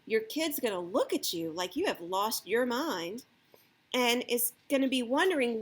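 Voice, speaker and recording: Woman chatting parenting tips, kinda high voice, lots of "okay?" and "right?", casual and friendly. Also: animated, unhurried, husky. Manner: acts out the parent's lines in a lifted voice. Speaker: parenting advice speaker. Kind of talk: casual advice talk to camera.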